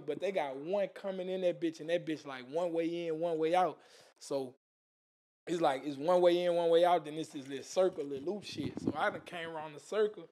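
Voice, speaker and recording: A man's voice: a little high, a little mellow. A man telling a wild story as a podcast guest, with casual, profane slang and spoken sound effects.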